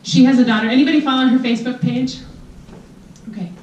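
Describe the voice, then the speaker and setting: A woman in her thirties speaks to a reunion crowd in a chatty, emotional, rambling way. Her voice sits a bit high. She is heard from a distance in a roomy, echoey hall. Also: fast, a little mellow, highs cut off, a little hiss or hum. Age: 30s. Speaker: reunion organizer. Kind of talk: informal announcements to a crowd.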